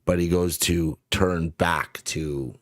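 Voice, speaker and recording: Slow, deep-voiced man as game master. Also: fairly even intonation, no room sound, studio quality. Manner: halting, searching for words with many fillers. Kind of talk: narrating a tabletop game.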